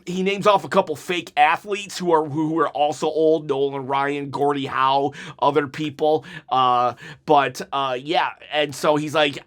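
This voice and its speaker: A man casually recapping and giving his opinion on a show, rambling and animated, acting out quotes with sudden jumps in pitch. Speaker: wrestling commentary channel host.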